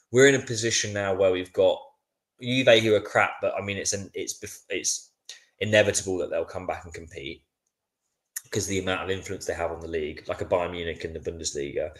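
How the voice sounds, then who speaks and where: A man reacting live to a football match, worn out and grumbling. His voice sits very low. He keeps chatting back to viewers in a loose, casual way. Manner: frustrated, weary, chatty with viewers. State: sleepy, yawning. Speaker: watchalong host.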